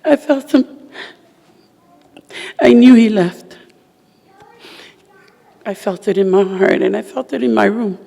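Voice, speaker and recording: A widow delivers a funeral eulogy with a gravelly, rough edge to her voice, her words coming in halting, broken-off pieces. Her voice trails off into the long reverb of a large hall. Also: medium pitch, warm tone. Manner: emotional, halting, with broken-off phrases.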